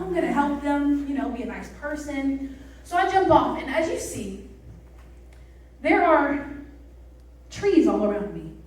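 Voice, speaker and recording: A woman preaching a youth sermon, telling a story in a chatty, animated way and asking the crowd questions. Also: high voice. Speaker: youth pastor. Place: church service hall. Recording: roomy echo, mic from a distance.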